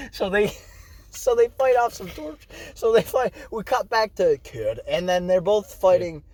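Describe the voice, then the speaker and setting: A man's voice: high voice, expressive, slow, pauses often, a little mellow, no room sound. A young man co-hosting a podcast, recapping a film loosely with frequent laughter and swearing. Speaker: podcast co-host. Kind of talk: casual chat.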